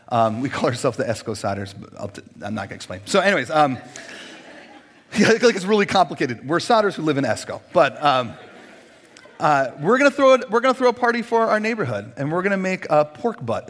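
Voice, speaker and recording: A middle-aged man, preaching a sermon in a lively storytelling way and acting out the voices he quotes. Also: a little high. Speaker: pastor.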